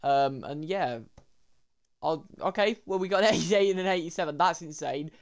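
A young man, commentating his game pack openings in an excitable way and talking to viewers as lads and boys. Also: on the high side, moderate pace, a little hiss or hum. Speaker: gaming YouTuber.

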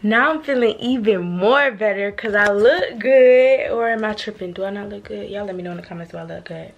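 A woman's voice: mid-range voice, a little fast, creaky, dull audio. A young woman, vlogging casually and chatting straight to her viewers in a bubbly, slangy way, recorded on a handheld phone. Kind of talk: casual vlog chat to camera.

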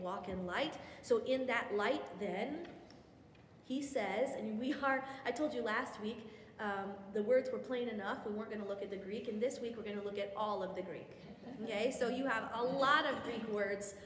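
A woman's voice: fairly high pitch, a little hiss or hum. A woman teaching a women's Bible study lesson in a church hall. She explains step by step, with chatty asides and self-corrections. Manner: explanatory, guiding listeners step by step. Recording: echoey hall with faint background ambience.

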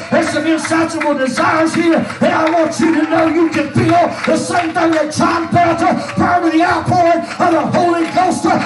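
A man preaching a holiness sermon as pastor, shouting his lines with a rhythmic "uh" between phrases. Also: very high-pitched. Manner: shouting preacher with constant "uh" cadence. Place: church sanctuary. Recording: echoey church hall from far off.

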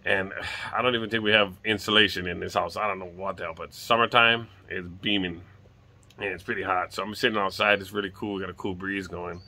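A man's voice: low-pitched, fairly even intonation, fairly quick, bright, forceful tone. A middle-aged man from Hawaii with a light lilt, rambling casually and swearing now and then as he chats on his porch. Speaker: vlogger. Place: outdoors on a home porch.

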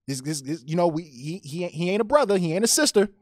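Fast and animated, this co-host's high-pitched, slightly mellow voice carries a story full of restarts during casual podcast chat and storytelling. The clean studio sound has no echo.

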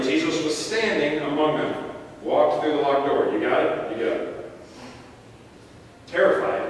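Man preaching a sermon, slightly high voice, reads scripture with joking asides, far mic in an echoey church hall. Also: a little hiss or hum. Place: church sanctuary.

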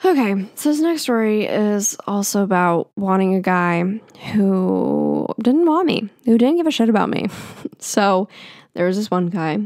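A woman's voice: mid-range voice, big pitch swings, a little slow, darkish tone, no room sound, studio quality. A young woman hosting a podcast, telling stories casually in a chatty, self-mocking way full of fillers. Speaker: podcast host. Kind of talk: casual storytelling. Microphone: podcast mic.

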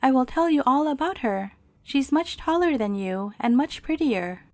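A woman's voice: sits high, lively intonation, normal speed, dry recording. A woman voicing an earnest little princess. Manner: pleading, indignant. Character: young princess girl, earnest and easily hurt.

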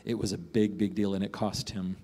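A man's voice: fairly low pitch, flat delivery, fairly quick, warm tone. A man preaching a sermon as a pastor, in a conversational way, often asking "right?" and acting out the voices of the people in the passage he reads.

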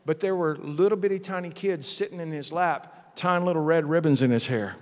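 A middle-aged man preaching at a conference, telling a vision story with lively acted-out quotes. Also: fairly high pitch, fairly quick. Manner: animated storytelling, acting out quotes. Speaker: pastor. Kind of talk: conference sermon testimony. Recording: long hall reverb.

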